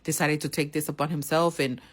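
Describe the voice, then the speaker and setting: A woman's voice: low voice, flat delivery, brisk. A woman casually telling a personal story, swearing heavily in street slang and acting out each person she quotes.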